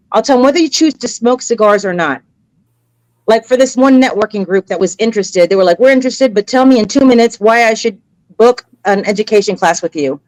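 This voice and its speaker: Interview guest: woman, middle-aged, expressive storyteller, mid-pitched, close and dry. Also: no room sound, rough recording. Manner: animated, acts out quoted voices; emotional, earnest. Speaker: interview guest, cigar educator. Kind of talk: casual conversational storytelling.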